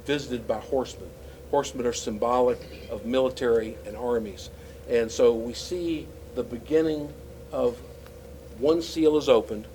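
Man, Bible teacher, casual explanatory delivery, mid pitch, faint background hiss. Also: warm tone, rough recording. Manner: casual, explanatory, with frequent fillers and restarts.

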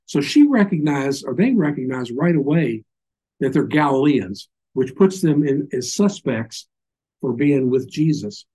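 A man's voice: medium pitch, sing-song, measured pace, dark tone, breathy edge, rough recording. An older man with a Southern accent giving an informal Bible teaching, folksy and full of little stories and asides. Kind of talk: informal sermon.

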